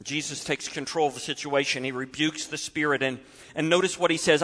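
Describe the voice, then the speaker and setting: High, bright-voiced male preacher in a reverberant hall. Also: fairly quick. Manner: expressive, acts out quoted voices with sudden soft drops. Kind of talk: sermon.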